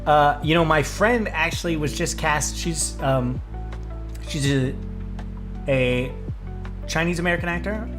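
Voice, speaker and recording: A man's voice: a little high, a bit bright. A young man streaming live, chatting loosely with viewers and answering their comments, with lots of fillers and restarts. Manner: rambling, many fillers and restarts. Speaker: livestreamer. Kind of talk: casual livestream chat reading comments.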